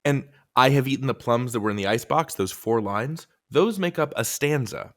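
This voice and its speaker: A man co-hosts a poetry lesson with a middling voice that swings widely in pitch. He trades scripted jokes and reads lines of verse with playful energy. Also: moderate pace. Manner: playful, animated reading of verse. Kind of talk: scripted educational banter.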